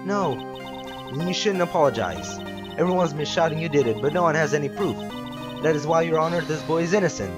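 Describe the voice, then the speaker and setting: A man voicing a calm, proud young boy who lectures his classmates about evidence. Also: a little high, a little fast, over music, close to an everyday voice. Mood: stern.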